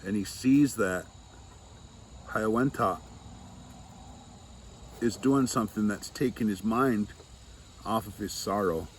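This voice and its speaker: A man telling a traditional story slowly, with long pauses, voicing the dialogue of its characters himself. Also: fairly low pitch, a little hiss or hum, poor audio. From Seneca territory. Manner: slow, pausing, retells dialogue in quotes. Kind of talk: oral storytelling.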